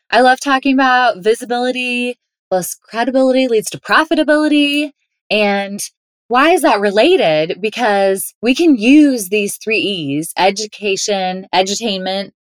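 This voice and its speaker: Cheerful woman chatting as a podcast guest, average pitch, dry close sound. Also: no echo. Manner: upbeat, playful, laughs often. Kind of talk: interview, conversational.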